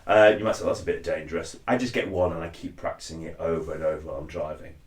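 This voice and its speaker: Chatty Englishman with a lowish voice. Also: quick pace. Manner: chatty, drops into deep impressions of lines. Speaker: cosplayer giving a tutorial. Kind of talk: casual spoken tutorial. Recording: echoey room.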